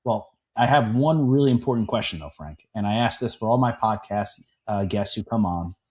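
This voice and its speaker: A man's voice: lowish voice, lively intonation, normal speed, a little mellow. A man hosting a business podcast, talking in an emphatic, conversational way and repeating points for his listeners. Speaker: podcast host. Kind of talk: conversational interview.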